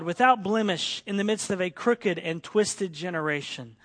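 A male pastor preaching a sermon with lively delivery, sometimes mimicking whining complainers. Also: high voice.

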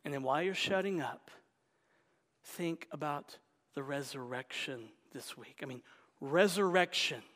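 A man preaching an Easter sermon, moving between loud exclamations and hushed whispers. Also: on the high side, unhurried. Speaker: pastor. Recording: long reverb of a large hall.

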